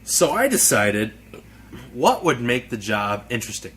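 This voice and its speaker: A young man co-hosting a casual podcast, telling a story in a halting, rambling way. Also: medium pitch, sing-song, fairly bright tone. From United States. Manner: rambling, halting, restarts a lot. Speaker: podcast co-host. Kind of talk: casual chat.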